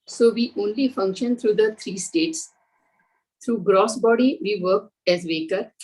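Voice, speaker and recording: A woman student reading a passage aloud in class, steady and careful with small slips. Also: medium pitch, measured pace, slightly rough, rough recording.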